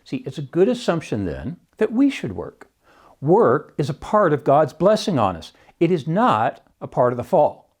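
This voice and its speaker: A man who teaches economics talks through his prepared commentary with a lively, swooping pitch. He is emphatic, often opens a point with "see," and drops in wry asides along the way. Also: moderate pace. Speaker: economics professor hosting a Christian podcast.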